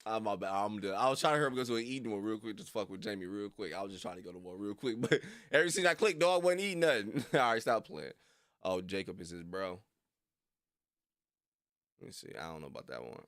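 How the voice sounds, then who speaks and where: A man's voice: fairly low pitch, big pitch swings, quick pace, a bit bright, no room sound. A young man rambling casually on a livestream, full of slang and frequent laughter. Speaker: reaction streamer.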